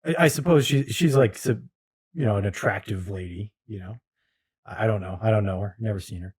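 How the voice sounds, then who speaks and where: A man's voice: lowish voice, fairly quick, darkish tone, breathy edge. Rambling man telling a story. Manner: rambling, lots of "like" and "you know", laughs at his own story. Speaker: podcast co-host. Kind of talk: casual chat, retelling a funny story.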